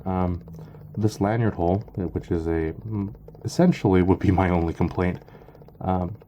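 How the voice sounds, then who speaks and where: A man giving a casual product review, halting and full of ums and uhs. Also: low-pitched, fairly even intonation, noisy background. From Canada. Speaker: knife reviewer.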